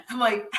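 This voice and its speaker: A woman hosting a casual chat, animated and blunt, laughing often and swearing freely. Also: high voice. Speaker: host. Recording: echoey room, mic at a distance.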